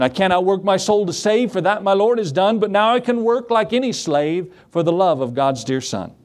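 A man preaching a sermon as pastor, slowing down and rising in pitch for emphasis, then dropping low and quiet for asides.

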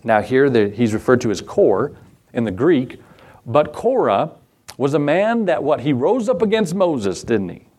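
A man's voice: mid-range voice, very animated, a little slow, a little mellow, breathy edge. A middle-aged man preaching a sermon in a folksy way, asking the congregation questions and acting out the voices he quotes. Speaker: pastor.

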